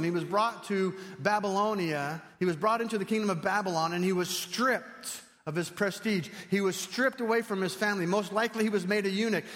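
A male preacher delivering an animated sermon, swinging from loud to hushed, in a church sanctuary. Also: high-pitched. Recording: long reverb in a large hall.

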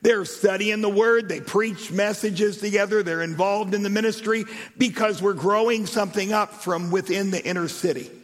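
A man preaching a sermon and telling stories in an animated way, with shouted emphasis. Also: sits high, normal speed, few pauses. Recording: echoey hall reverb.

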